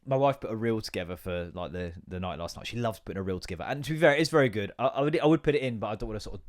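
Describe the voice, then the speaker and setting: A man's voice: lowish voice, animated, rapid-fire. A man in his thirties hosting a podcast, rambling through a sweary, self-mocking comic rant. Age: 30s. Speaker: podcast host. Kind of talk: solo comedic rant.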